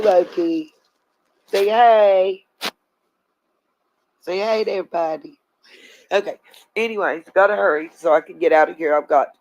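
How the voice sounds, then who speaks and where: A woman's voice: lowish voice, low-quality recording. Woman host, livestream commentary, blunt and heated. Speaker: channel host.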